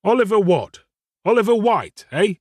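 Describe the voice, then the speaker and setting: A kindly old gentleman, gruff and fussy, with a husky edge, as a man puts him on for an audiobook. His voice rises and falls a lot. The sound is close and dry. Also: sits high, very animated, moderate pace, no echo, pitched above the performer's own voice. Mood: puzzled.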